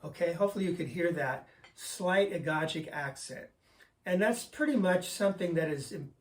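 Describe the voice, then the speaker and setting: An older man teaching drums, calmly explaining time signatures and counting beats aloud. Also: on the high side. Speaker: drum teacher. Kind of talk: instructional explanation. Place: drum studio. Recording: voice a bit far from the mic, faint noise.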